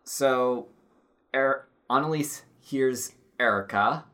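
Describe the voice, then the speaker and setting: A woman's voice: very deep voice, slow, fairly bright tone. A woman co-hosting a film podcast in a casual, rambling chat with many fillers. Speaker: podcast co-host.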